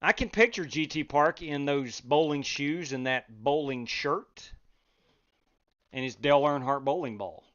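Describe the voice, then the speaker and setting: A man hosting a sim racing league live stream, chatting casually, reading out chat and breaking into loud exclamations. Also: fairly high pitch, measured pace, dull audio. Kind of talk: live-stream race commentary.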